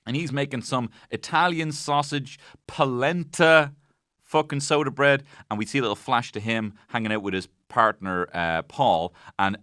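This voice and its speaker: A man's voice: medium pitch, normal speed, bright, forceful tone, no room sound. A man hosting a comedy podcast from a studio. He recaps an episode in a rambling, jokey way and swears freely. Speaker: podcast host.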